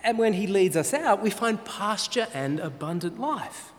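A man's voice: high voice, lively intonation. Earnest preacher guy, voice rises and falls a lot, long echo like a big hall. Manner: earnest, pausing often with fillers. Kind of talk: sermon. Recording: reverberant hall sound.

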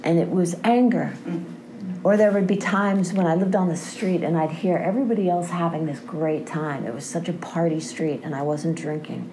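A woman's voice: fairly low pitch, normal speed, mellow, low-quality recording. A woman giving an impassioned personal testimony about recovery, earnest and often checking in with a questioning "right?". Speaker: speaker sharing a recovery story.

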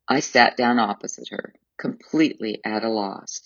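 A man narrating a memoir audiobook in a measured, formal storytelling manner. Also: fairly low pitch, vocal fry, fairly bright tone, no room sound, dull audio.

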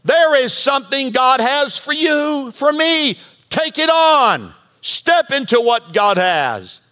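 Pastor, male, high bright voice, lively joking sermon delivery. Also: takes it slowly. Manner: animated, bantering preacher. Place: church sanctuary.

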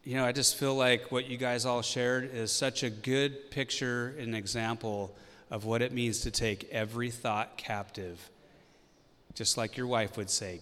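A man's voice: medium pitch, steady tone, unhurried, fairly bright tone. A man leading a church meeting, giving an informal, encouraging sermon with light teasing. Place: church hall. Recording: long reverb of a hall.

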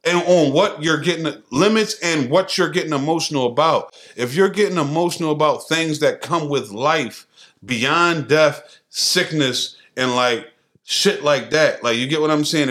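A man's voice: normal speed, a bit bright. Brash, profane man on a podcast. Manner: brash, profane, mocking, acts out quotes in high voices. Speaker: podcast co-host. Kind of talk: casual podcast banter.

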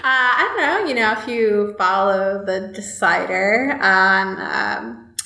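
A woman's voice: medium pitch, takes it slowly, vocal fry, bright, forceful tone, roomy sound. A woman guesting on a film podcast, chatting casually, modest and giggly.

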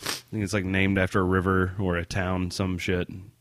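A man's voice: deep voice, monotone, brisk, dry recording, clean studio sound. A man hosting a podcast in casual chat, joking and swearing freely, with a stuffed-up nose. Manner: profane, joking, laughs often. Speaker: podcast host.

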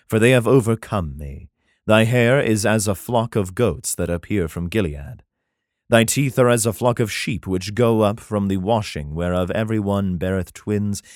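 A man's voice: sits low, no echo, studio quality. A man reading an old text aloud and breaking off into crude, mocking asides and laughter. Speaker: reader giving comic commentary.

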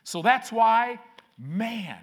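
A man preaching a sermon as pastor, reading scripture aloud with slow, emphatic phrasing. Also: extremely high pitch, lively intonation, breathy edge.

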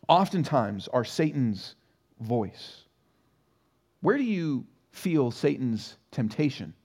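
A man's voice: mid-range voice, a little mellow. A man preaching a sermon as pastor in a church, talking conversationally and asking the congregation rhetorical questions. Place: church sanctuary.

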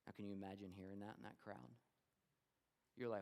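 A man's voice: mid-range voice, brisk, long pauses, big-room sound. A man preaching a sermon in a conversational way, acting out crowd voices as he retells a story. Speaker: pastor.

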